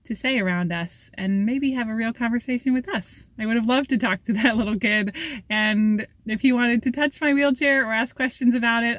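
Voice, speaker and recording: A woman's voice: on the high side, a bit bright. A young woman filming herself for a casual travel vlog, chatty and upbeat, laughing often. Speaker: vlogger. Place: outdoors and in a cabin. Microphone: handheld camera, self-filming.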